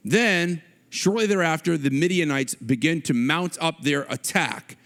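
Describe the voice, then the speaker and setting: High-voiced, chatty preacher man. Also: unhurried, creaky. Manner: conversational storytelling, animated. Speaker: pastor. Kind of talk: sermon.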